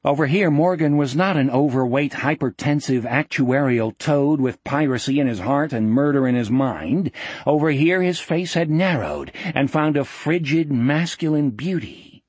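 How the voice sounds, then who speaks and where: A man narrating an audiobook in a measured, vivid storytelling manner. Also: medium pitch, a little mellow, slightly rough, no echo.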